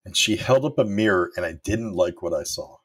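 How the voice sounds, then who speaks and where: Husky, deep-voiced middle-aged man. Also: expressive, a little fast. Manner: candid and storytelling, with occasional swearing. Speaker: former manager sharing leadership lessons. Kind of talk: motivational talk.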